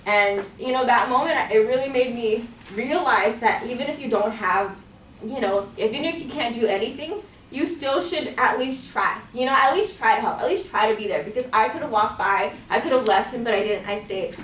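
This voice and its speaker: A woman's voice: a little high, animated, brisk, fairly bright tone, slight background noise. A young woman giving a casual storytelling speech to a class, full of fillers and acting out her own reactions. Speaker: student speaker. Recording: echoey room from far off.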